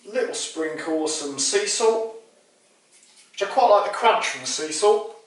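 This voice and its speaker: Man, cooking host, high voice, casual explaining, strong kitchen echo, mic far off. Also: expressive, measured pace. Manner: chatty, explains as he cooks.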